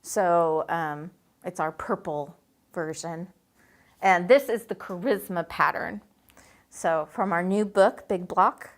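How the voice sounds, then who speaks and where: A woman hosts a live stream and answers viewer comments in a loose, chatty way. Her voice sits a touch on the low side, and she talks in friendly run-on sentences full of fillers. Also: slow. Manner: chatty, upbeat, rambling with fillers. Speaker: host. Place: indoors with a quilt hanging behind her.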